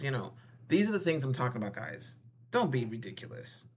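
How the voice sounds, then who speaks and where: Playful, animated wellness vlogger. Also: mid-range voice, a little fast. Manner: playful and animated, acting out little scenes; addresses viewers with endearments and slang. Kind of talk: casual advice monologue to viewers.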